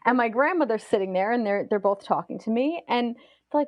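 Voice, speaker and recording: A woman guest on a podcast, retelling a personal story in an animated, fast-flowing way full of "like" fillers. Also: on the high side, dry recording, dull audio.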